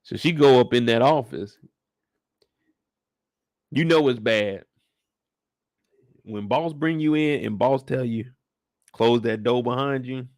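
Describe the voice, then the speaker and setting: A man hosting a casual live chat, telling the story in an animated way with plenty of cursing. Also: mid-range voice, slow pace, long pauses, dry recording, studio quality. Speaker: show host recapping a TV episode.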